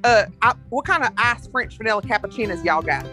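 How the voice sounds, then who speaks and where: A woman's voice: fairly high pitch, expressive, a little fast, music in the background, voice pushed up, natural voice. A woman voicing a wary rural customer with a Southern accent, asking hesitant questions. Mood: unsure. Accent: Southern American.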